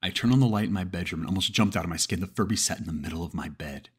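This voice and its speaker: A man narrating a first-person horror story in a steady reading voice, with occasional stumbles and restarts. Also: sits low, very fast, husky.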